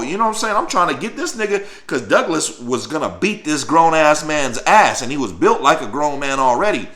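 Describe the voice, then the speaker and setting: A man spins a profane, animated tale from his youth, his tone bright and forceful. He keeps checking in with the listener as he talks, and his voice sits in a roomy, echoey space. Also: on the high side, a little fast, hardly any pauses. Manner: profane, animated, fills with "you know what I'm saying". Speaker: storyteller vlogger. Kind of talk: casual storytelling. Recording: roomy echo.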